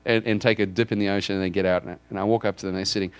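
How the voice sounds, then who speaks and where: A man's voice: low-pitched, rapid-fire, clear, resonant tone, no echo. A man, a pastor, telling a personal story in a sermon and acting out the conversations in it. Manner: animated, acts out dialogue with God in raised voices.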